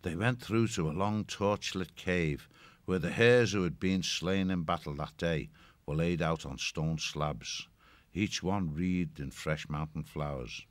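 A man narrating an audiobook in a steady, measured storytelling style. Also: deep voice, no room sound.

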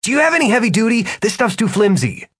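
A man putting on a flustered young man bluffing his way as a wizard. He talks in a hasty, defensive rush, pitched higher than the narrator, recorded dry for an audiobook. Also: huge pitch swings, moderate pace, a bit bright, slightly rough, no room sound, heavily acted.

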